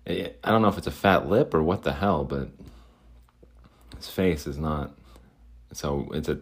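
A man with a rumbling low voice talks a little slowly on his solo podcast. The monologue meanders, and he keeps chuckling as he makes fun of himself.

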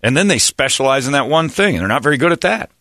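A man's voice: fast talker, dry recording, studio quality. A middle-aged man hosting a talk radio show, ranting with profanity and laughing at his own lines. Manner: animated, profane rants with swings in pitch and laughter. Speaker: radio host. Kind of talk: casual talk radio banter.

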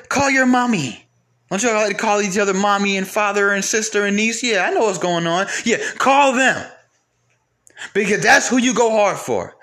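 A man's voice: high-pitched, pushed and bright. A man delivering an angry, profane rant to camera, firing off repeated rhetorical questions.

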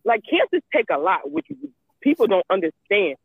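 A woman's voice: fairly high pitch, sing-song, normal speed, gravelly, husky, dry recording. A woman in casual chat who talks emphatically, repeats herself, and swears freely. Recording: tinny phone-like line.

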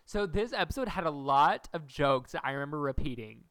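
A man's voice: fairly high pitch, fairly quick, clear, resonant tone, no room sound. A young man co-hosting a podcast, casually recapping a TV episode and acting out the characters' lines as he retells it. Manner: animated storyteller acting out quotes. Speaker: podcast co-host.

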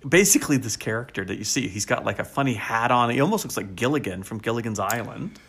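An enthusiastic male podcast co-host chatting casually, his voice swinging widely up and down in pitch. He laughs easily and fills his sentences with "like.". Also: fast talker, slightly rough. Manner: animated and enthusiastic, laughing often; frequent fillers such as "like". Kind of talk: casual chat.

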